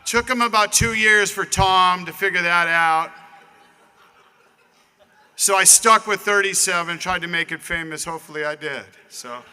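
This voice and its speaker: In a high, pushed, bright voice with a clear, resonant tone, a man speaks at normal speed. He is a Southern Californian in his fifties being inducted into a Hall of Fame, chatting through his acceptance speech at a dinner and calling out to the crowd. The banquet hall's long reverb is audible.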